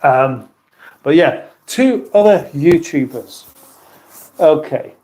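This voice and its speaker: A man's voice: on the high side, animated, takes it slowly, dark tone. A middle-aged British man hosting a casual livestream, chatting in a rambling, self-mocking way and reading out viewer comments. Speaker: livestream host.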